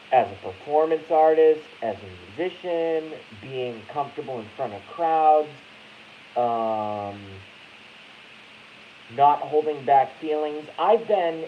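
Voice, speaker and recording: A man from Boston hosting a casual live stream, rambling, swearing and cutting himself off mid-sentence. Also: mid-range voice. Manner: rambling, profane, self-interrupting. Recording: dull lo-fi audio with faint hiss.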